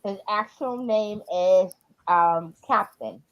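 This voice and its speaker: A woman chats casually on a livestream, rambling with fillers and restarts. Her audio sounds dull and lo-fi, like a cheap mic. Her voice sits at a middle pitch. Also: slow pace. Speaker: livestream co-host. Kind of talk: casual chat.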